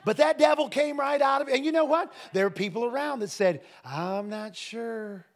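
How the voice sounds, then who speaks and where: A man preaching a sermon to a congregation, telling stories emphatically and breaking into shouts and laughter. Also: very high voice, quick pace. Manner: emphatic, swings into shouting and laughter, lively storytelling. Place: church service with a congregation.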